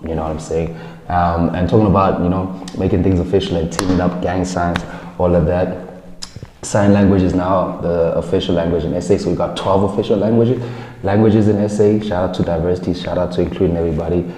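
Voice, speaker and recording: A South African man hosting a show, talking bluntly and with animation, swearing and making quick asides. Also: low voice, fairly even intonation, warm tone, slight background noise. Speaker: podcast host. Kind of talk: casual opinion chat. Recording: echoey room with long reverb.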